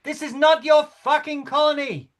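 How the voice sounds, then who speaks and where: A man voicing a defiant woman protester in a rehearsal reading over a video call, chanting and shouting repeated slogans. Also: high-pitched, expressive, slow, exaggerated voice. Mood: accusing.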